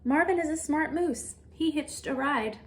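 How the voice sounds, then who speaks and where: A woman reading a storybook aloud and voicing a confident male detective who speaks calmly and slowly. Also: high voice, voice pushed up. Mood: assured.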